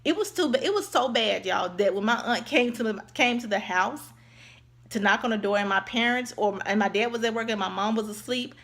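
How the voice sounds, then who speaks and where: A woman telling a casual storytime vlog. She tells it in an animated way, acts out the voices of other people and keeps calling her viewers y'all. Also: a little high, fairly quick. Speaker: vlogger.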